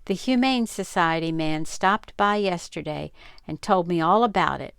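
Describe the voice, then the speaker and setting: A woman's voice: on the low side, moderate pace, vocal fry, clear, resonant tone, no room sound, studio quality. An older woman reading the part of a helpful older sister who explains things in a reassuring, chatty way.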